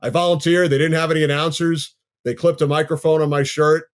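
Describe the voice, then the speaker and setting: A man in his fifties from Long Island, New York, a sports broadcaster telling his story in a measured, easygoing way as a podcast guest. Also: a little high, flat delivery, clean tone. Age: 50s.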